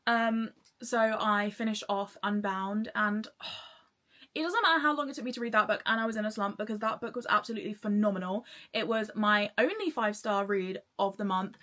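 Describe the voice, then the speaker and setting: A young woman chatting about books she read, excitable and rambling, full of fillers and laughter. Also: medium pitch. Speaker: book vlogger. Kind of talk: casual book review chat.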